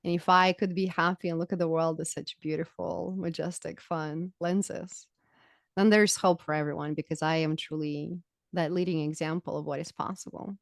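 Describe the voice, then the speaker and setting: Woman on a podcast, expressive and emphatic, lowish voice, really dry close sound. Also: normal speed, creaky, no room sound. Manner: expressive, emphatic, laughs easily. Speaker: podcast guest, spiritual teacher. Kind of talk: casual podcast conversation.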